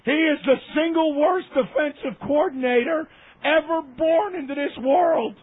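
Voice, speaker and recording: Impassioned high-voiced man on a phone line. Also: moderate pace. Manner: heated, emphatic, repeats himself for effect. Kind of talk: impassioned sports rant.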